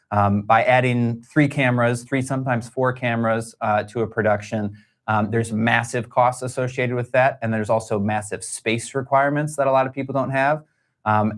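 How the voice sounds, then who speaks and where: Chatty man hosting a livestream. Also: medium pitch. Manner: chatty, rambling, many fillers. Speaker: podcast studio owner hosting a livestream. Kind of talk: casual livestream Q&A.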